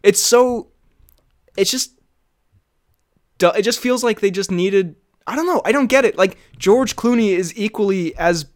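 Young male co-host with a fairly high voice, opinionated and giggly, loose podcast chatter. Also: measured pace, long pauses. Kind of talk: casual chat.

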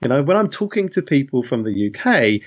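In a muffled recording, a man from London appears as an interview guest, his medium-pitched voice swinging widely as he talks a little fast. He reflects aloud in a conversational way, correcting himself as he goes and leaning often on "you know."

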